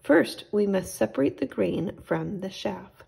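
A woman's voice: medium pitch, animated, unhurried, creaky, mellow, breathy edge, heavily acted. A woman voicing a friendly male miller in a storybook, explaining his work.

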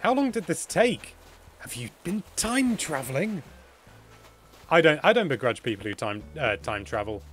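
A man hosting a casual game livestream, excitable and chatty, exclaiming as he goes. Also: on the high side, normal speed. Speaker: livestream host.

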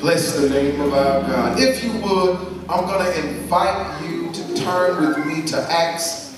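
Echoey preacher man reading slowly. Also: a little high, over music. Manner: call-and-response, drawn-out emphatic reading. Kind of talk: sermon with scripture reading. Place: church sanctuary. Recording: very echoey church, mic at a distance.

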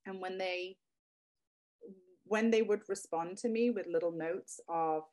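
Heartfelt woman, lower voice. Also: a little slow, pauses often, a little mellow. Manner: heartfelt, near tears at times. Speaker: guest, product creator. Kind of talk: emotional interview.

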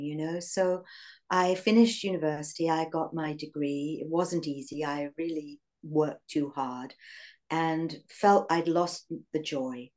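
A woman in her sixties with an English accent, reminiscing in an interview in a reflective, halting way with fillers and soft laughs. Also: low voice. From England. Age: 60s.

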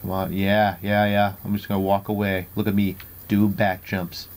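A young man with a fairly low voice narrates his own fighting-game match out loud, jumping between muttered asides and bursts of trash talk. He laughs at his own jokes, and keyboard typing can be heard behind him. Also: monotone, moderate pace. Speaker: gameplay commentator. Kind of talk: live gameplay commentary.

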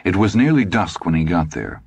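A man reading an audiobook in a steady, grave, deliberate scripted narration, recorded close in a studio. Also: sits low, creaky, husky, no room sound.

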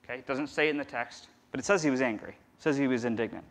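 A man preaching a conversational sermon as pastor, swinging from loud emphasis to a near-whisper. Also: medium pitch, racing. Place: church.

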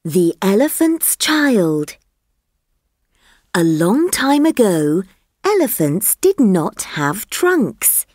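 A woman reads slowly and clearly for language learners, her voice rising and falling in a lively way. The recording is dry and close, with no room sound. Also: medium pitch, dry recording. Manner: slow, clear, lively intonation. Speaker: reader of a textbook listening track. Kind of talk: slow scripted reading for learners.

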